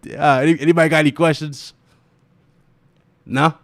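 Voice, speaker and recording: A man's voice: a little high, normal speed, no echo, clean studio sound. Ranting, cursing male stream host. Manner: animated, profane, laughing and ranting. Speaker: gaming livestream host. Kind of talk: casual livestream chat.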